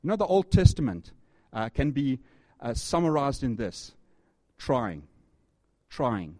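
A man's voice: medium pitch, big pitch swings, normal speed, darkish tone, no room sound. A man preaching a sermon, reading scripture aloud and repeating key phrases and questions with earnest emphasis. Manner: reads scripture aloud to the congregation. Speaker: pastor.

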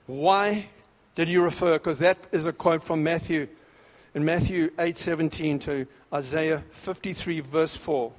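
A man preaching a sermon with fervent, emphatic bursts, then dropping into quieter scripture reading. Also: a little high, measured pace. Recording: long reverb of a large hall.

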